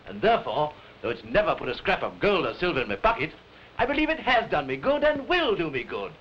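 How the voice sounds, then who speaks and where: A cheerful, warm-hearted young nephew with a British accent, earnest and pleading. His voice is high and swings widely in pitch. The sound is a dull 1930s film track with music beneath. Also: big pitch swings, fast talker, slight background noise. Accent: British English.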